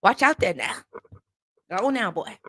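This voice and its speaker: A woman voicing a friendly old Southern country uncle with slow, drawling greetings. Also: medium pitch, big pitch swings, fairly bright tone. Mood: folksy.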